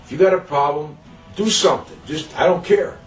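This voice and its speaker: A man's voice: a little high, brisk, distant mic, faint music behind. Rambling man in an echoey room. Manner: rambling, blunt, quotes himself. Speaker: interviewee. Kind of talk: casual storytelling. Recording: echoey room, away from the mic.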